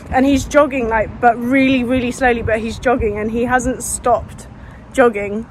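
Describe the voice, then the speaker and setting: A fitness vlogger with a voice on the high side runs down a street outdoors, talking into a phone held in her hand. Out of breath and dry-mouthed, she rambles earnestly and restarts often, with a little hiss or hum on the audio.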